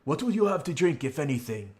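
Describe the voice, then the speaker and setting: A hearty, welcoming innkeeper, put on by a man running a tabletop game, louder and higher than his own voice. He plays the host of a roadside inn, bright and hospitable. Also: big pitch swings, fast talker. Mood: jovial. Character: jovial welcoming male innkeeper.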